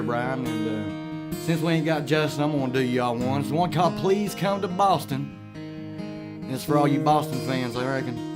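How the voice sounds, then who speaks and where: A man hosting a radio show in a studio, chatting in a folksy, joking, rambling way. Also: fairly high pitch. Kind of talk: casual radio chat. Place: recording studio.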